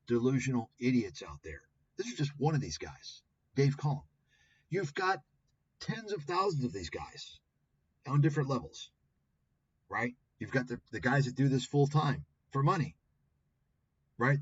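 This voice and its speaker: Combative male livestream host, profane and scornful, husky tone, dull lo-fi audio. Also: mid-range voice. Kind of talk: ranting commentary on clips.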